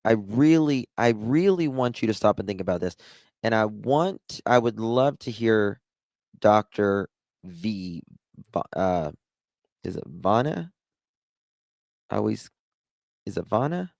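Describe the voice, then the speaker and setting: A man hosting a livestream, giving sarcastic, drawn-out commentary on a news clip. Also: fairly low pitch, expressive, vocal fry, a little mellow, no echo, studio quality. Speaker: livestream host.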